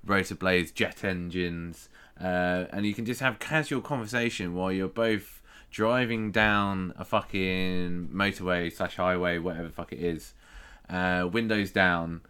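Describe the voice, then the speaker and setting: A man's voice: sits low, steady tone, measured pace, pushed and bright, smooth. A man co-hosting a casual film review podcast, swearing freely and rambling with frequent laughs. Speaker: podcast co-host.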